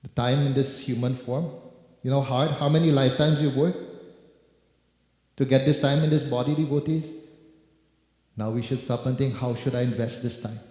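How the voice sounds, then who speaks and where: A man's voice: mid-range voice, fairly even intonation, moderate pace, pauses often, mellow. A man preaching a sermon, addressing listeners as devotees and repeating words for emphasis. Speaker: preacher leading kirtan. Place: temple hall. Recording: echoey hall with music.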